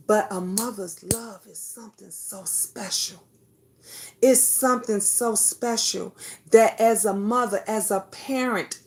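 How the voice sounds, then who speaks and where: A middle-aged woman hosts a talk show, speaking in a voice pitched a little on the high side. She delivers an impassioned monologue, blunt and full of profanity. She lectures her audience the way a preacher would.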